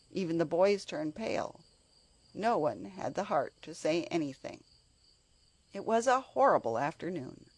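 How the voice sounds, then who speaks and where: A woman narrating a children's storybook with an expressive, animated reading. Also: sits low.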